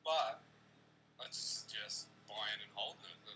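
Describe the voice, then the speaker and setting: A man's voice: lowish voice, a little slow, sharp tone, a little hiss or hum, low-quality recording. A man with an Australian accent co-hosting a casual crypto livestream, laid-back and jokey. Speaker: co-host.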